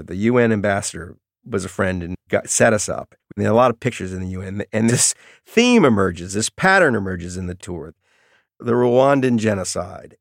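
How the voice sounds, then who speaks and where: Middle-aged guy, gravelly voice, animated storyteller, dry studio sound. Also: mid-range voice, dry recording. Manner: animated storyteller, acts out quotes. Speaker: guest, author. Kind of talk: storytelling in an interview.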